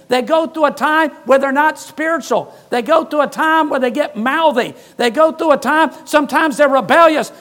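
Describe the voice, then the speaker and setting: A man's voice: very high voice, a bit bright. A man, a pastor, preaching a sermon in a church with emphatic, repetitive phrasing and touches of humor.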